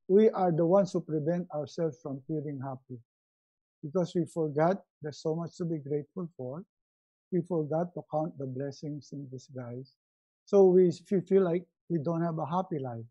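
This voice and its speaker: A middle-aged man giving a motivational webinar talk, acting out quotes in a raised, animated voice. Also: fairly high pitch, moderate pace, lo-fi sound. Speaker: motivational speaker.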